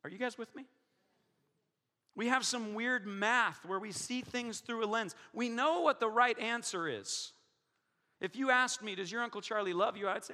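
A middle-aged man preaching to his congregation, telling a personal story in an animated way and acting out the voices he quotes. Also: very high-pitched, normal speed, big-room sound. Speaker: pastor.

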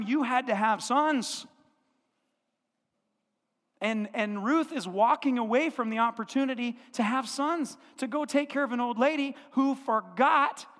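A male pastor with a high-pitched voice delivers a lively sermon, voicing the characters in his story as he goes. The sound carries a long reverb from the church hall around him. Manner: animated storytelling, acting out biblical characters' lines. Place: church sanctuary.

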